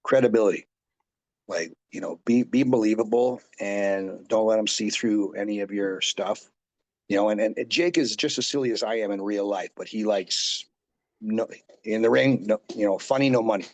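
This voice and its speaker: A man's voice: lowish voice, normal speed. A man in his forties, a pro wrestler and coach, telling rambling stories in a casual interview, full of fillers and asides.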